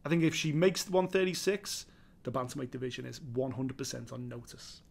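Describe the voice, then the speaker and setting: A man with a Scouse accent co-hosting a fight preview, chatting in an animated way and swearing freely. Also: mid-range voice, fairly quick, gravelly. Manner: animated, swears freely, calls people baby. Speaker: MMA show co-host. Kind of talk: casual fight preview chat.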